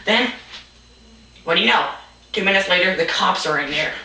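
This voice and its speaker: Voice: mid-range voice, expressive, moderate pace, bright, forceful tone, slight background noise. A young stand-up comedian telling a rambling, absurd story, stumbling and restarting, saying "like" often, recorded in a roomy space from a distant mic.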